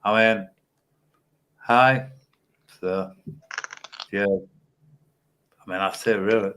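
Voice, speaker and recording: A man's voice: on the low side, steady tone, extremely slow, a bit bright, clean tone. A man chatting on a livestream panel from a home webcam setup with a studio microphone, rambling and teasing the others cheekily. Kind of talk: casual chat.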